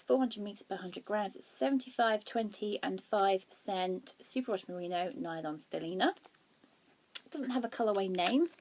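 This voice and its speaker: A young woman hosting a knitting podcast, chatting casually and excitably, laughing at herself as she shows her yarn. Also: medium pitch, slight background noise. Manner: excitable, giggly, self-deprecating.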